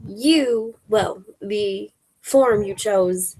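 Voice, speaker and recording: A woman's voice: medium pitch, measured pace, a little mellow, breathy edge, low-quality recording. A woman player speaking for her character with a sassy, amused manner. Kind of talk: playing in a tabletop game.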